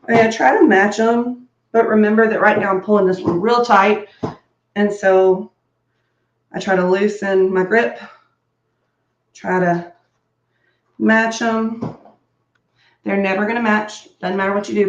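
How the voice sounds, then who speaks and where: A woman's voice: mid-range voice, fairly even intonation, measured pace, long pauses, roomy sound, dull audio. A woman chatting casually while getting ready at home, bubbly and rambling, laughing often and prone to coughing fits. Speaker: beauty vlogger. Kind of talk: casual chat.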